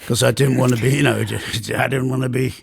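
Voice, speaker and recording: Gravelly English rock singer in his 60s. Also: medium pitch, steady tone, brisk, no room sound, studio quality. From England. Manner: rambling, many fillers and restarts. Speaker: guest. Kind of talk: candid conversational storytelling.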